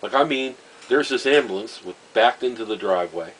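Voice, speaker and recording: A man, telling a personal story in a rambling, halting way, full of fillers and wry chuckles. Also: medium pitch, animated, a bit bright, a little hiss or hum, poor audio. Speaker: vlogger. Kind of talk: casual storytelling monologue.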